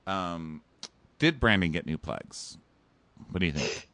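Lively, sarcastic man, dry and bright. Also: deep voice, slow, dry recording. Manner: sarcastic, mocking asides. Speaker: podcast co-host. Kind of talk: casual chat recapping a reality show.

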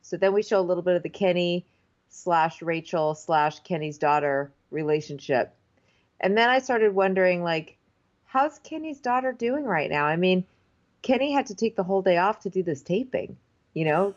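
A woman's voice: on the low side, animated, moderate pace. Chatty woman, slightly dull recording. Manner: chatty, incredulous, acts out quotes. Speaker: podcast co-host. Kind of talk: casual chat recapping a TV show.

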